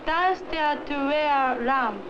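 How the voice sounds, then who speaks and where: Brief: a Japanese traveler, high voice, slow halting English, hissy muffled old film track. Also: female voice. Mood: hesitant. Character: Japanese woman traveler at an airport. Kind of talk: scripted dialogue in an old educational film.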